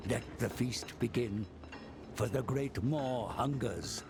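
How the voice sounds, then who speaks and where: A man's voice: medium pitch, animated, slow, background noise. A man voicing a grave, commanding advisor in a strategy game's campaign intro. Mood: solemn. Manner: solemn, commanding. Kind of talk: scripted game voice-over.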